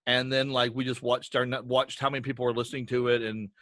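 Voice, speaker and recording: A man chatting as a guest on a podcast, telling stories in an animated, rambling, self-deprecating way. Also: mid-range voice, fast, dry recording, clean studio sound. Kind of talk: casual interview chat.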